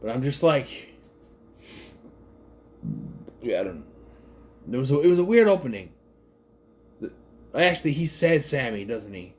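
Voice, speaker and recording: A man reviewing a film in a loose, unscripted way, his pitch swinging up and down a lot as he talks. He rambles, restarts sentences and corrects himself mid-thought. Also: sing-song, a little slow, long pauses. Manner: rambling, self-correcting, thinks aloud with many restarts. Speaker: movie reviewer. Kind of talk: casual spoken movie review.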